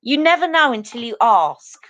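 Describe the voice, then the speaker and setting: A woman's voice: on the high side, big pitch swings, moderate pace, fairly bright tone, slight background noise. A woman hosting a beauty live stream, chatting earnestly and directly to her viewers. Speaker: beauty channel host. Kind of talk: casual live-stream chat.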